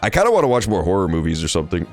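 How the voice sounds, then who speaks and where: A man's voice: sits low, wildly swooping pitch, very fast, faint music behind. Joking, profane male game streamer. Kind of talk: casual gameplay commentary.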